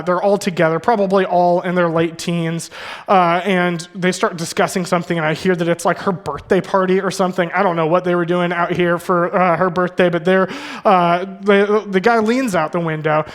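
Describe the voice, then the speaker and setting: A young adult male pastor preaching in church, telling a personal story in a conversational way, with many fillers and self-corrections. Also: high voice.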